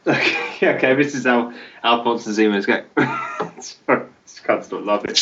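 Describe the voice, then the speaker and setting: A man's voice: medium pitch, moderate pace, a bit bright, highs cut off. A man co-hosting a podcast, talking in a hesitant, self-deprecating way and laughing easily in casual chat. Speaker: podcast co-host.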